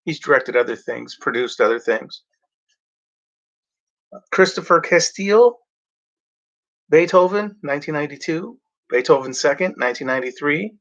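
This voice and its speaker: A man talking casually as a show host, halting with many fillers and restarts. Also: on the high side, expressive, fairly bright tone, muffled recording. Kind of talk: casual rambling chat.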